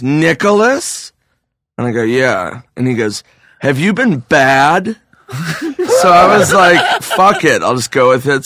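A man's voice: medium pitch, fairly bright tone, no room sound, clean studio sound. A comedian guest, a man who is hungover, telling profane anecdotes casually and laughing through them on a podcast.

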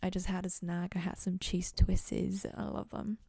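A woman's voice: lowish voice, level tone, moderate pace, creaky, warm tone, breathy edge, dry recording. A young woman hosting a podcast, chatting casually and rambling in a goofy, self-mocking way from her dorm room. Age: young adult. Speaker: podcast host. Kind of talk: casual solo chat.

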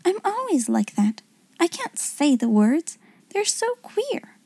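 A woman's voice: very high-pitched, very animated, slow pace, dark tone, no room sound, pitched above the performer's own voice, heavily acted. A woman voicing a shy, awestruck young schoolgirl in a breathless whispered role-play. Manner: breathless, timid, wide-eyed.

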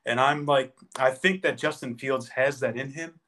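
A man's voice: medium pitch, moderate pace, fairly bright tone. A man co-hosting a podcast, making his case in a casual sports debate with passion and emphasis. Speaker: podcast co-host.

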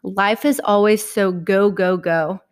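Woman host, spiritual podcast monologue, heartfelt and earnest, mid-pitched voice. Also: steady tone, slow pace.

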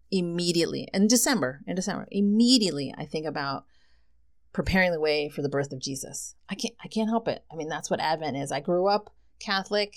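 A woman hosting a solo podcast, reading tarot cards and talking in an excited, effusive way. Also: fairly low pitch. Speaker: podcast host.

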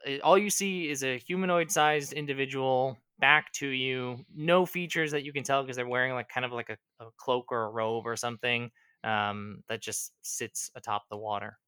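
A man running a tabletop role-playing game as game master, describing scenes at an unhurried pace with frequent ums. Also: mid-range voice, fairly even intonation, sharp tone, clear, resonant tone, no echo, clean studio sound.

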